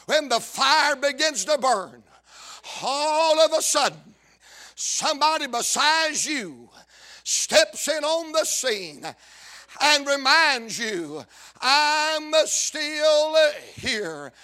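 A man preaching a sermon, shouting and chanting his lines in a sing-song cadence. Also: extremely high pitch, big pitch swings, extremely slow.

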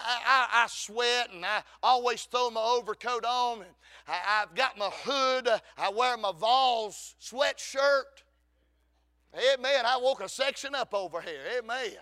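High, gravelly preacher man. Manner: fervent, shouting at times, calls of amen. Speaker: Baptist preacher. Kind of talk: sermon.

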